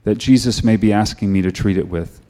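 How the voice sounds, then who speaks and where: A middle-aged man preaching a sermon. He tells stories in a conversational way and moves into quiet, earnest prayer. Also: lowish voice, a little fast.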